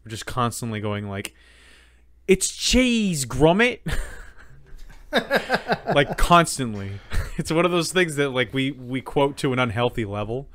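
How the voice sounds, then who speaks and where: A man's voice: medium pitch, normal speed, fairly bright tone, no echo. Joking, rambling man on a dry mic. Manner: joking, rambling, lots of fillers and restarts. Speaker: podcast co-host. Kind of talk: casual chat.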